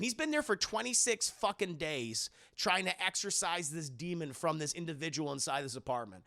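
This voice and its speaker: A man's voice: a little high, expressive, moderate pace, hardly any pauses, pushed and bright. A young man casually recapping a TV episode for a live-stream chat, chatty and profane, constantly calling out to his chat. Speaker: TV show reviewer streaming live.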